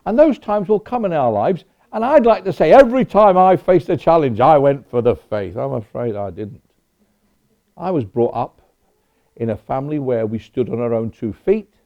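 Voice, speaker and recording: A man's voice: mid-range voice, lively intonation, moderate pace. Guy preaching a sermon, chatty with personal asides, muffled lo-fi sound. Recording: dull lo-fi recording.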